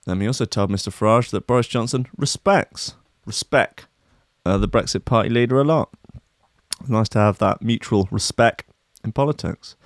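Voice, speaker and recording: A man's voice: medium pitch, normal speed, dry recording, studio quality. A man hosting a show, reading news items aloud and breaking off for joking asides. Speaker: podcast host. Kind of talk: comedic news commentary.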